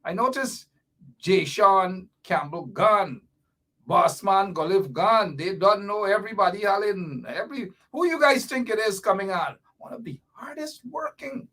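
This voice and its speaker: Guy hosting a live talk show, high voice, chatty, keeps laughing between bits. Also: unhurried. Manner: chatty, animated, laughing asides. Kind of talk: casual live-show chat.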